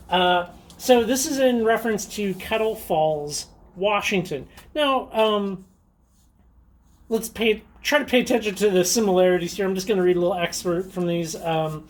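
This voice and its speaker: A man's voice: high-pitched, normal speed, a little hiss or hum. A man hosting a casual show-and-tell vlog who talks in a chatty, enthusiastic way, with frequent ums and little laughs. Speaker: rockhounding channel host.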